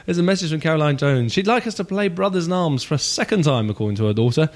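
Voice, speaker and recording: Lively joking male radio host. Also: fairly high pitch, fast. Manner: jokey, teasing, chatty. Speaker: radio breakfast show co-host. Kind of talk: casual radio banter. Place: radio studio.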